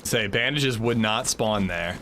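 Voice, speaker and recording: A man's voice: lowish voice, measured pace, sharp tone, a little hiss or hum. A man in his thirties streaming a game, chatting casually and joking with his chat in a rambling way. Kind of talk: casual livestream chat while gaming.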